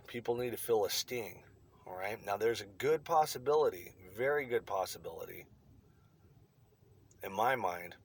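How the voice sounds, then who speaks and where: A man's voice: lowish voice, a little hiss or hum. A man delivering a blunt, profane opinion rant to his online viewers. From United States. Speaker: vlogger.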